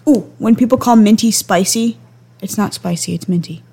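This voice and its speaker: A woman's voice: medium pitch, moderate pace, mellow, husky. An eighteen-year-old woman chatting casually as a guest, rambling with lots of ums and likes. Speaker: guest sister. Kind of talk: casual chat.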